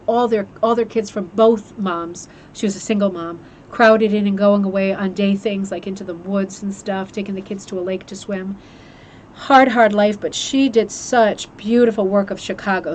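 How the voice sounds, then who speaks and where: A chatty woman hosts a craft club stream at an ordinary mid pitch, gushing and restarting her sentences as she talks into a webcam. A faint hum of room ambience sits under her voice. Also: a little mellow. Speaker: host of a rug hooking club livestream. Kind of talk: casual chat, reviewing a book.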